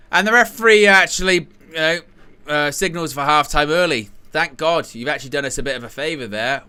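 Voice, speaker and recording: A man provides live play-by-play of a football match for a watchalong, his voice bright, forceful, a little high, and smooth yet crisp. His manner is casual, and between bits of action he wanders off into jokey asides.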